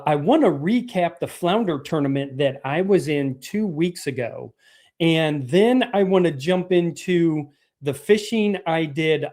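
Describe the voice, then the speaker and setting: A man hosting a radio show in a relaxed, chatty way, with plenty of "uh" and "um" fillers. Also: a little high. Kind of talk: casual radio show talk.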